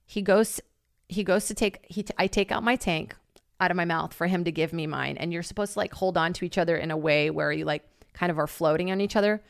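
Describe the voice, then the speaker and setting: Woman guest, lower voice, close dry sound, rambling story full of "like" and loud quoted asides. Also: brisk, gravelly, no echo. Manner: animated, swears freely, acts out quoted lines loudly; heavy use of filler "like". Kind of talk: casual storytelling.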